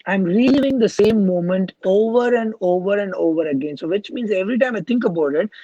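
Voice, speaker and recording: A man's voice: high voice, fairly quick, warm tone, dry recording, lo-fi sound. A man, a hypnotherapist being interviewed, explaining earnestly and checking in with "you know" and "right?" as he goes. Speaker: clinical hypnotherapist guest.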